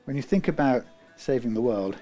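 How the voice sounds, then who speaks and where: A man working as a guitar technician who muses aloud while he works, rambling and often trailing off into quiet muttering. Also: medium pitch, animated, brisk.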